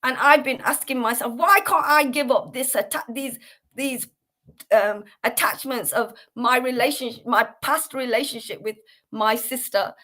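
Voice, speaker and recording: A woman's voice: a little high, moderate pace, sharp tone. A woman from the United Kingdom hosting a devotional class on a livestream, talking earnestly with many fillers and restarts. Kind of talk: casual devotional livestream talk.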